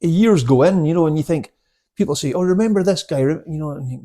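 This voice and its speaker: An older man in his seventies who chats and laughs his way through stories. His voice is gravelly and husky, with many restarts and fillers. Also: fairly high pitch, quick pace, warm tone. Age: 70s. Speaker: guest, karate instructor. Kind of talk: casual storytelling interview.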